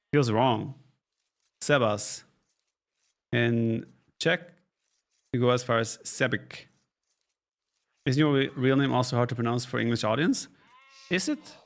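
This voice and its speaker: A man doing casual live-stream commentary on an esports match from his home office, relaxed and thinking aloud while reading out chat questions. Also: medium pitch, creaky.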